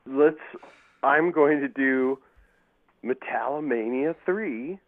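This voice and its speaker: A man's voice: medium pitch, slow. A man telling rambling, profane stories as a guest in casual chat, acting out quotes with lots of swearing. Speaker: podcast guest. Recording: tinny phone-like line.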